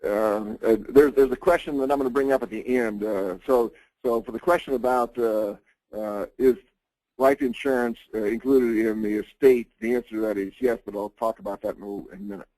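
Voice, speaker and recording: A man's voice: fairly low pitch, steady tone, a little fast, a little mellow, no room sound, low-quality recording. A man presenting an insurance planning webinar, talking conversationally with frequent fillers and restarts. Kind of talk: informal webinar lecture.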